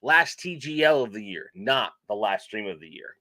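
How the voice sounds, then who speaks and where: A man's voice: lowish voice, normal speed, hardly any pauses, dry recording. A man hosting a casual toy collecting livestream, joking and swearing as he reads out viewer comments. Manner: joking, profane, animated banter.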